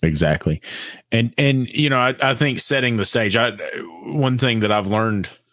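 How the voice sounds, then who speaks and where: A man's voice: medium pitch, normal speed, a bit bright, dry recording, clean studio sound. A man co-hosting a podcast, agreeable and reflective in casual chat. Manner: agreeable, brief affirmations then reflective. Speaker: podcast co-host.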